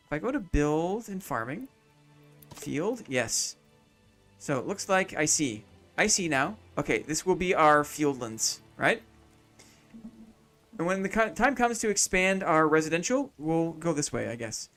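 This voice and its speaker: A man's voice: a little high, fairly bright tone. Man thinking aloud over faint music. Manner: thinks aloud, repeats his own phrases; chats with viewers between moves. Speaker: streamer playing a city-building game. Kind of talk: casual live-stream commentary.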